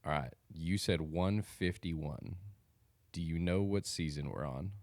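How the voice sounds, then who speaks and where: A man's voice: sits low, a little slow, darkish tone, dry recording. A man co-hosting a podcast in casual chat, teasing and sarcastic with his partner. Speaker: podcast co-host.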